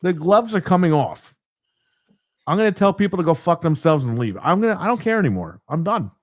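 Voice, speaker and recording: A man with a slightly high, very lively voice tells a story from his game store. He swears freely and sounds fed up. The sound is close and dry. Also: a little fast, dry recording. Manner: profane, exasperated storyteller. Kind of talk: casual ranting storytelling.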